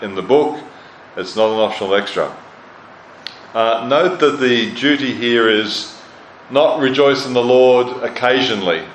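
A man preaching a sermon as pastor, emphatic, repeating lines for stress and putting questions to his hearers. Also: mid-range voice. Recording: roomy hall sound with faint noise.

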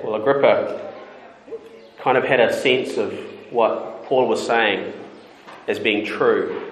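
A man preaching an expository sermon in an earnest, emphatic way, with dramatic pauses. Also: mid-range voice, a little hiss or hum. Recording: echoey hall with long reverb.

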